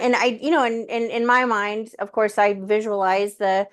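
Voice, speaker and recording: A woman's voice: mid-range voice, normal speed. A woman casually telling a personal story in a chatty way, full of fillers and acted-out inner dialogue. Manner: animated, many fillers, acts out her talks with the universe. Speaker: guest sharing a personal story.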